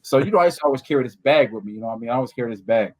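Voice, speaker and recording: A man telling a lively, slangy story in an interview and acting out what other people said. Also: medium pitch, racing, dull audio. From Southern California. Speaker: guest bodybuilder.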